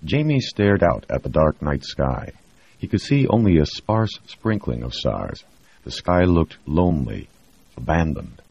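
A man reading a novel aloud in a steady, measured scripted narration. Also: a bass voice, gravelly, husky, no room sound. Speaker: audiobook narrator. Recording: dry, dull lo-fi recording.

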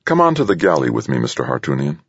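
A man's voice: very deep voice, huge pitch swings, fast, a bit bright, slightly rough, dry recording, lo-fi sound, full character voice. A man voicing a stern woman colonel. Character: stern woman air force colonel, cool.

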